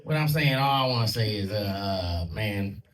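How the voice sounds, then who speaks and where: A man's voice: on the low side, expressive, moderate pace, a crowd in the background. A man in his thirties doing a loose, profane stand-up set with crude punchlines. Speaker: stand-up comedian. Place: comedy club stage with a live audience. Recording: distant mic in a loud crowded club. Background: audience laughter and clapping.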